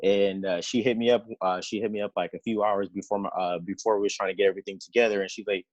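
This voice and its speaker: A man's voice: lowish voice, fairly even intonation, fast talker, no echo, highs cut off. A man sharing an earnest, grateful motivational testimonial as a new senior field trainer on a team call.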